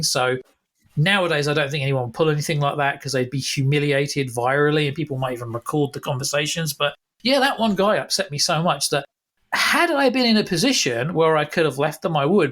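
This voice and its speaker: A man in his forties, a guest author, telling a lively anecdote in a podcast interview with some restarts. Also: fairly high pitch, brisk.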